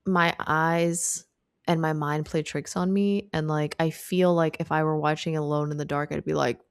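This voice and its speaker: A woman's voice: low voice, fairly even intonation, normal speed, smooth, no echo, studio quality. A young woman co-hosting a podcast, chatting casually and thinking aloud with lots of restarts. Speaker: podcast co-host. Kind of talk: casual chat.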